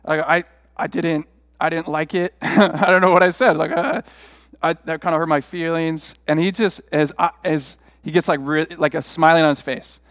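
A man's voice: on the high side, steady tone, normal speed, fairly bright tone, no room sound, clean studio sound, big-room sound. A middle-aged man, a pastor, preaching a sermon through rambling, self-deprecating personal stories in a conversational way.

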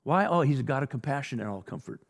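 Blunt gravelly male preacher in a hall. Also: mid-range voice, animated, fast talker. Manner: blunt, exhorting, rhetorical questions. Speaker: pastor. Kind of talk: sermon.

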